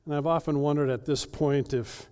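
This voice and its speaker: Mellow-voiced male preacher. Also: on the high side, steady tone, clean tone. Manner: earnest, emphatic, with dramatic pauses. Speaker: pastor. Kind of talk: sermon.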